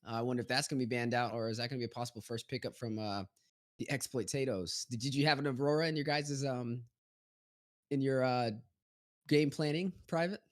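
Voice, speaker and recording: A man with a middle-pitched voice casts a live esports match. He breaks down picks and bans and puts questions to his co-casters. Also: a little fast. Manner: analytical, asks co-casters questions.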